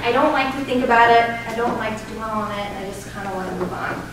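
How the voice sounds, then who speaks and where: High-voiced and bossy, this is a scheming sister, played by a woman in a live improv scene. She scolds and pushes, her lines ringing through an echoey theater. The sound comes from far off, with a noisy hiss behind it. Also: quick pace, close to an everyday voice. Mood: scolding. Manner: scolding, pushy, bursts into shrill outbursts. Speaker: improv performer. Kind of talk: improvised stage comedy scene. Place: small theater stage. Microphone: distant room mic.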